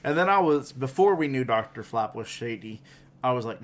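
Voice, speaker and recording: A man co-hosting a podcast, casually recapping anime episodes and acting out characters' lines in quick voices. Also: mid-range voice, expressive. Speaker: podcast co-host.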